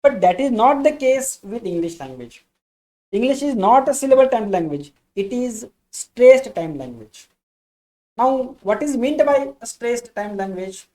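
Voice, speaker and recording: A woman's voice: a little high, big pitch swings, unhurried, mellow. A woman gives an English lesson in an explanatory lecture style. She repeats key phrases for emphasis and calls her listeners friends. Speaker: English teacher.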